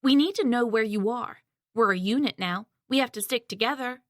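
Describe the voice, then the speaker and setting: A woman's voice: fairly high pitch, fairly quick, no echo, studio quality, close to an everyday voice. A woman voicing an eager young man, a younger brother, speaking earnestly and pushing hard in an audiobook. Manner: earnest, pushy.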